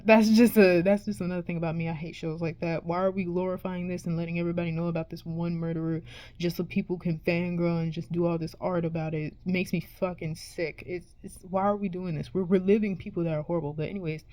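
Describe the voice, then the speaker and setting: In a fairly low, mellow voice with no room sound, a woman vents to the camera in a casual rant for her viewers. Exasperated and swearing freely, she rambles and keeps starting her sentences over.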